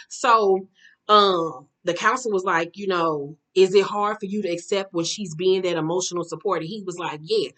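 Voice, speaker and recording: A woman talks through a reality TV episode in a loose, chatty recap. Her voice sits at an ordinary middle pitch. She is blunt and profane, laughs often and acts out the people she quotes. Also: fairly bright tone. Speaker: reality show recap host. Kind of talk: casual reality TV recap commentary.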